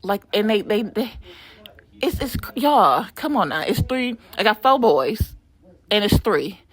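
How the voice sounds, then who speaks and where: A middle-aged woman giving a casual, animated voiceover for a nail art vlog, laughing and swearing as she chats from a room at home. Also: mid-range voice, a little slow, no room sound.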